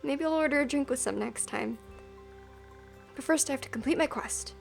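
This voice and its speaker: A woman's voice: high voice, moderate pace, vocal fry, soft background music. A woman voicing a timid young adventurer in a game, talking eagerly and gratefully. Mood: earnest. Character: timid young adventurer setting off on first quest, nervous but hopeful.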